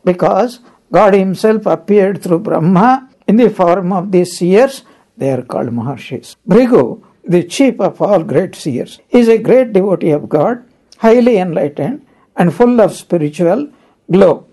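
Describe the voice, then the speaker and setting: A spiritual teacher giving a scripture discourse, telling stories and explaining Sanskrit terms one by one in an unhurried way. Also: mid-range voice, expressive, mellow.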